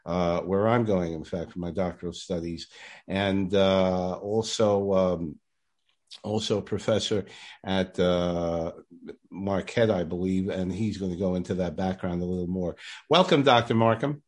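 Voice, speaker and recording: A man's voice: sits low, fairly even intonation, measured pace. A man hosting a podcast interview in a casual, hesitant way with many fillers. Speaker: podcast host.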